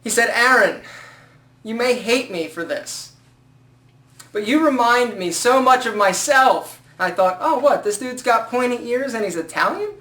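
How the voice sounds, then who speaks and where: A man's voice: very high voice, a little slow. Sarcastic man in an echoey room. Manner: joking, sarcastic, animated asides. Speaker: style vlogger. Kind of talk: casual to-camera advice vlog.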